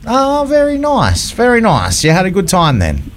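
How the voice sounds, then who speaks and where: A man's voice: high-pitched, huge pitch swings, normal speed, slight background noise. An Australian man hosting breakfast radio, taking phone calls and talking sport in a chummy, upbeat way, calling people mate. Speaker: radio host.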